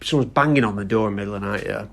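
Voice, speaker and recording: A man's voice: on the low side, rapid-fire. A young man co-hosting a podcast, chatting and joking in casual banter. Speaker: podcast co-host. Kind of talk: casual chat.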